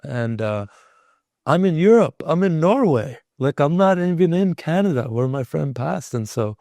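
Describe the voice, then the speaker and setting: Gravelly-voiced man telling a story. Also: fairly high pitch, sing-song, normal speed, dark tone, no room sound. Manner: rambling, heavy use of filler "like". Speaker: podcast guest. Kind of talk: casual emotional storytelling.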